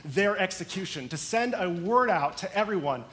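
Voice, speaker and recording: A man's voice: high voice, lively intonation, moderate pace, a bit bright. A man voicing a ruthless, commanding male president during a sermon retelling. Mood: stern.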